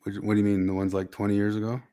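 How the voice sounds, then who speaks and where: A man co-hosting a casual chat, laughing and steering topics with quick questions. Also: fairly low pitch, level tone, warm tone. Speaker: podcast co-host.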